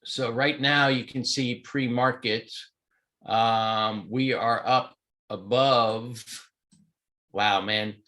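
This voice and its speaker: A man with a sniffly, stuffy nose talks through a live trading session in a loose, rambling way. His voice sits at an ordinary middle pitch, full of "um"s and "you know"s. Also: fairly even intonation, very slow, pushed and bright. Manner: casual, rambling, chatty with fillers. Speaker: trading mentor. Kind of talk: live market walkthrough. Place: home in Hawaii.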